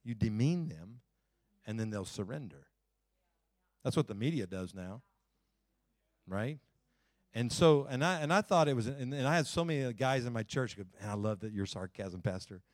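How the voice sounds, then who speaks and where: Animated man preaching with dry sound. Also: medium pitch, moderate pace, long pauses, no room sound. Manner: folksy, talks to the congregation directly. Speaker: pastor. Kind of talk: sermon.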